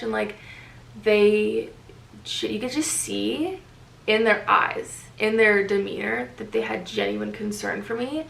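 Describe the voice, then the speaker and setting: A woman's voice: medium pitch, lively intonation, normal speed, gravelly. Young woman vlogger, echoey and a bit distant. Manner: filler-heavy, emotional recounting. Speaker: running vlogger. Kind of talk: casual talk to camera. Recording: echoey room, voice a bit off-mic, faint noise.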